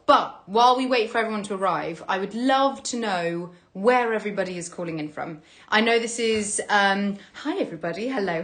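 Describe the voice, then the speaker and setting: A woman's voice: medium pitch, a bit bright. A woman hosting a livestream from home, chatting casually and greeting viewers. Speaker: livestream host. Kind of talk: casual chat.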